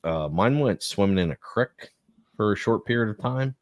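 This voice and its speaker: A man with a very deep voice tells a rambling, swear-laden story in relaxed podcast chat. The sound is dry and close, with no room around him. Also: normal speed, no room sound. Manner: profanity-heavy rambling storytelling. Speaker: podcast co-host. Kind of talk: casual chat.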